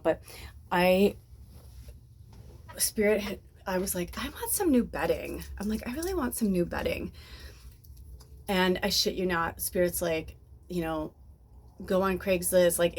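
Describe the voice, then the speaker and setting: Woman, 50s, home vlogger; low-leaning voice, loose rambling chat, faint room noise. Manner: chatty, rambling, swears casually, many fillers. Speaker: spiritual medium and channel host. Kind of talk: casual chat to camera.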